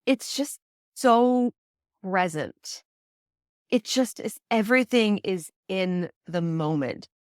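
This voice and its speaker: A woman guest in a casual interview, chatty and quick to laugh, often acting out the voices of people she quotes. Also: medium pitch, lively intonation, dry recording, studio quality. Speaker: prenatal yoga teacher and doula, guest.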